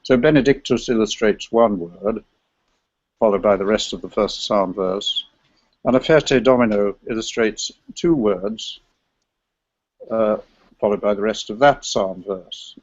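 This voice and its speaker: A man with a gravelly voice presents an academic paper in a scholarly, meandering way. The recording is dry and slightly dull, with no room sound. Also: fairly low pitch, measured pace, dry recording. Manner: scholarly, digressive, sings chant examples. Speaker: lecturer on medieval chant.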